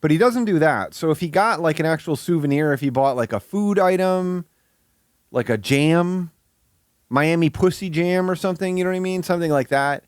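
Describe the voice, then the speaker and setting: A man's voice: fairly high pitch, normal speed, clear, resonant tone, no room sound. Dry-voiced man riffing crudely. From Michigan. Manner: wry, crude running commentary. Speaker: streamer reacting to a video. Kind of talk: casual commentary.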